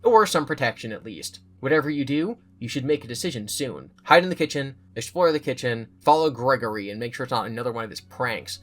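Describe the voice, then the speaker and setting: A man's voice: mid-range voice, expressive, a bit bright. Man reading a story, joking asides. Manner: breaks off narration for quick joking asides. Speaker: host. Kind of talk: reading an interactive story aloud with commentary.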